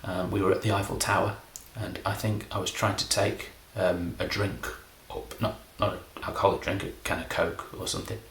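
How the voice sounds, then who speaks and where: A middle-aged man from England, a comedy magician, rambling through a deadpan, self-deprecating monologue. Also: sits low, fairly quick, few pauses, reverberant, a little hiss or hum.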